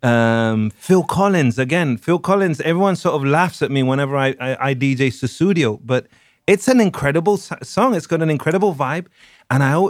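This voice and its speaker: A man's voice: medium pitch, no echo, clean studio sound. A man hosting a podcast in casual chat, rambling and enthusiastic as he talks through his thoughts. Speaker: podcast host.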